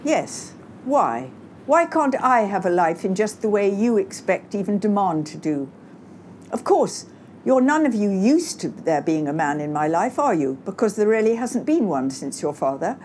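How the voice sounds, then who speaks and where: A woman voicing an indignant middle-aged mother who stands up to her grown children, measured then impassioned. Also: mid-range voice, sing-song, a little mellow, slight background noise, lightly acted. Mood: level.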